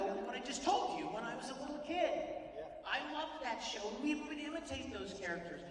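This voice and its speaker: Emotional man telling a story in an echoey hall. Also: high voice. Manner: animated, emotional, laughs often. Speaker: voice actor on a convention panel. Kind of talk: storytelling to a live audience. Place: large convention hall. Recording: echoey hall, distant mic, noisy.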